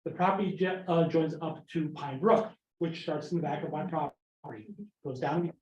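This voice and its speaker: A man's voice: a little high, normal speed, a little mellow. A man in his fifties speaking bluntly and scornfully at a town meeting public comment. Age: 50s. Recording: echoey room, dull lo-fi sound.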